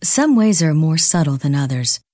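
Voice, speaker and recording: A woman reading scripted radio ad narration in a calm, measured way, over music. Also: deep voice, dry recording, studio quality. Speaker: radio ad announcer.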